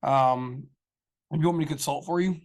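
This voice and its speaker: A man's voice: fairly high pitch, moderate pace, darkish tone. A man co-hosting a podcast, rambling through a story in casual chat and acting out the people he quotes. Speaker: podcast co-host.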